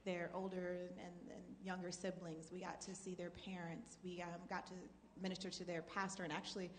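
A woman's voice: on the low side, little pitch movement, moderate pace. A woman co-hosting a talk show, chatting in an upbeat, reflective way. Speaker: co-host. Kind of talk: casual chat. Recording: reverberant hall, faint background noise.

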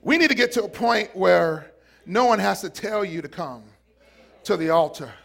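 A man preaching a live sermon, shouting and calling out to the congregation, repeating words for emphasis. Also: sits high, animated, moderate pace, creaky. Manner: fiery, shouting, call-and-response with congregation; acts out quoted voices and repeats words for emphasis.

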